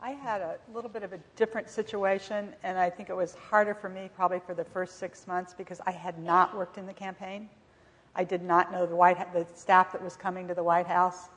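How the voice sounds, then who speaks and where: A woman panelist recalling her years on the White House staff in a measured, reflective way. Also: lowish voice, level tone, big-room sound. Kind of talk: panel discussion, personal recollection.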